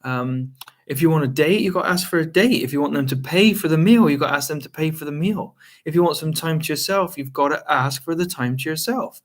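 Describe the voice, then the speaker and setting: A man's voice: fairly high pitch, brisk. A man giving marriage advice straight to camera in a casual, conversational way, with frequent ums and you-knows. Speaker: marriage coach. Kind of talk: direct-to-camera advice talk.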